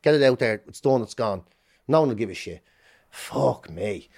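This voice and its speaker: A middle-aged Irish man talking as a podcast guest, telling his story candidly in a fast, swearing, self-interrupting way. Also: mid-range voice, expressive, a little mellow, husky. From Ireland.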